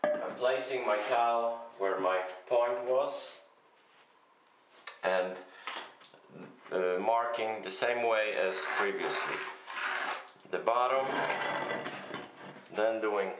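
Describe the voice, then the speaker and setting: Slow, low-voiced man in echoey bathroom. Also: background noise. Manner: methodical, hesitant with frequent fillers. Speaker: tile installer. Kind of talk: step-by-step how-to narration. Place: bathroom under renovation. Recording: very echoey room, dull sound.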